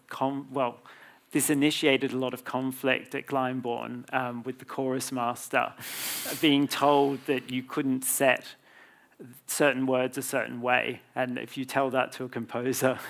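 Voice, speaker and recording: An Australian man speaks as a composer in a live public conversation, explaining his work in a thoughtful, unhurried way with frequent ums. His voice has a gravelly texture and stays quite even in pitch, without much rise and fall. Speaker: composer, guest.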